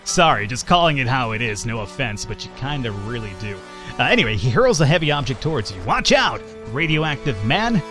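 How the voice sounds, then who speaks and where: Male gaming host, chatty and playful, talks over faint game music, mid-pitched voice. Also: big pitch swings, fast. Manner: jokey, chatty, reads game text aloud. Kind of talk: casual let's-play commentary.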